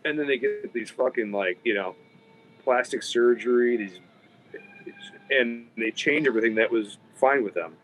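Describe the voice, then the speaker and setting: Male podcast host, loose profane storyteller, average pitch, faint noise behind. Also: moderate pace, fairly bright tone, low-quality recording. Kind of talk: casual chat.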